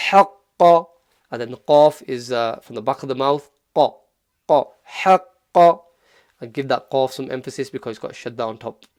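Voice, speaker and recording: A man teaching Quran recitation in a relaxed, encouraging way, with frequent fillers and restarts, and drawing out louder model recitations. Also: mid-range voice. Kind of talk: casual recorded lesson.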